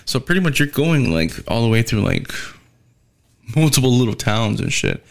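A man's voice: mid-range voice, big pitch swings, normal speed, creaky. A man working as a delivery driver tells a casual, rambling storytime rant, swearing heavily and sounding weary and fed up. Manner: profane and rambling, heavy swearing.

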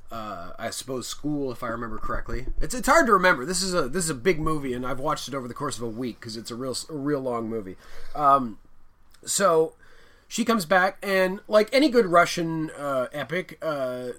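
A man's voice: mid-range voice, sing-song, normal speed, a bit bright. A man co-hosting a podcast, retelling a film plot in a rambling, joking way with many fillers. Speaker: podcast co-host. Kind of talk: casual movie discussion.

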